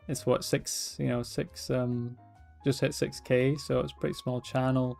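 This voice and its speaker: A young Scottish man with a light accent and a medium-pitched, creaky, somewhat mellow voice chats casually on a livestream as an artist. He rambles and keeps restarting his sentences.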